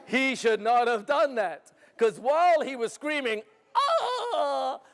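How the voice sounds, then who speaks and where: High-voiced man telling a dramatic story. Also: measured pace. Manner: theatrical, asks the audience questions. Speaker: educator. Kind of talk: dramatic first-person storytelling to students. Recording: echoey hall.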